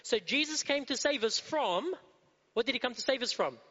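Man preaching, rhetorical questions, high-pitched, long hall echo. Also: expressive, moderate pace, sharp tone. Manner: rhetorical questions, repetition, asks the audience. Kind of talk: sermon to a congregation. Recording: dull, muffled sound in a reverberant hall.

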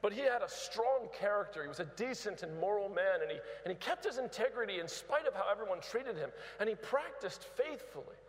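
A man's voice: sits high, animated, fairly quick, hardly any pauses. A man preaching a sermon as a guest speaker in a large church, emphatic and prodding the congregation, often repeating words as he goes. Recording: reverberant big church hall.

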